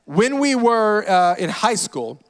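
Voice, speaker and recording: A man in his forties from Louisiana tells funny stories in a high, light voice, dropping dry punchlines and quick self-deprecating asides. He performs as a guest comedian in a large church auditorium. His voice carries a long hall reverb. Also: very animated. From Louisiana, USA. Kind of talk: comedic storytelling from a church stage.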